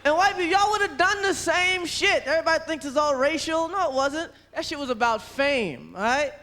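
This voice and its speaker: Male comic, very high voice, bright and punchy, crowd murmuring. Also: animated, normal speed, slight background noise. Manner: brash, profane, emphatic. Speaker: stand-up comedian. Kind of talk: stand-up comedy. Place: large theater stage. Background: audience laughter.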